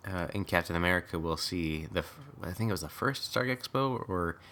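A man with a deep voice talks through a film scene by scene in a relaxed chat. His tone has a bright, forward edge, and he breaks into laughter often as he pokes fun at the acting. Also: fairly quick. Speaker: podcast co-host. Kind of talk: casual movie recap chat.

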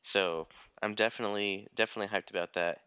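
Man, podcast co-host, relaxed chat, very deep voice, crisp bright tone. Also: fast, no room sound. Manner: relaxed, chatty. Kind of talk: casual chat.

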